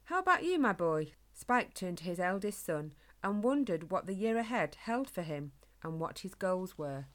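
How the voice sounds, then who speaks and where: A woman narrating a children's animal story in a gentle, measured way. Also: on the low side, lively intonation.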